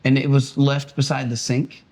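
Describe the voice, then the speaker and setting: A man's voice: mid-range voice, level tone, moderate pace, a little mellow. A man, a pastor, co-hosting a casual podcast chat with a joking, playfully defensive manner.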